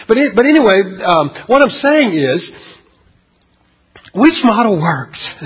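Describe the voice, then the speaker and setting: A man preaches a sermon in a high-set, somewhat husky voice. He talks in halting stretches and repeats words as he gathers his thoughts. He keeps putting rhetorical questions to his listeners. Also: very animated. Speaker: pastor.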